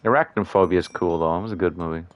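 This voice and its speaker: A man's voice: low voice, fast talker, no echo, lo-fi sound. A man rambling through casual gameplay commentary, full of "like" and mild swearing. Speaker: gaming streamer.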